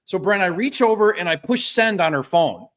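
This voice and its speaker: A man telling a story in a casual business chat, animated and acting out the quotes. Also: high-pitched, normal speed.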